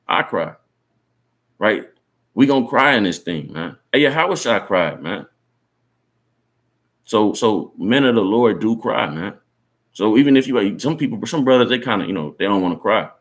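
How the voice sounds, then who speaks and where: A man's voice: on the low side, fairly bright tone. A man giving an informal sermon, talking in an earnest, encouraging and conversational way, often tagging his sentences with "man" and "right?". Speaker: Bible teacher.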